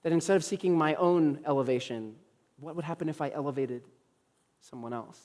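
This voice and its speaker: A young man preaches in a church sanctuary, his voice sitting a little higher than most men's. He tells his story with playful asides and acts out the voices of friends, and the sound carries a long, lingering reverb from the hall. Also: a little fast, darkish tone. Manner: storytelling, acts out quoted dialogue, humorous asides. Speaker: young adults pastor. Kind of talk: sermon.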